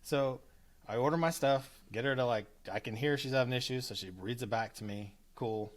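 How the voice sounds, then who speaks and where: A man in his thirties co-hosting a podcast, telling an everyday story. He talks in a casual way, swears freely and acts out what people said. His pitch sits in the middle of the range. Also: normal speed. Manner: animated, acts out quotes with cursing. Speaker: podcast co-host.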